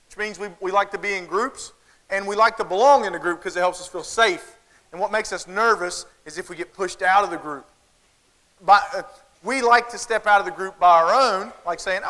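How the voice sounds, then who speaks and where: At a large conference hall, a high-pitched man with a Southern accent gives a humorous keynote, animatedly telling stories and acting out the voices of parents and kids. The recording carries big-venue hall reverb and audience laughter.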